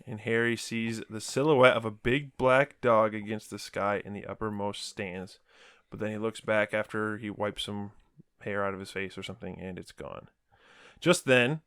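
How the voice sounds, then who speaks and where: A man hosting a podcast, recapping a book in a relaxed, casual chat and laughing often. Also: on the low side, clear, resonant tone, no room sound, studio quality. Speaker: podcast host.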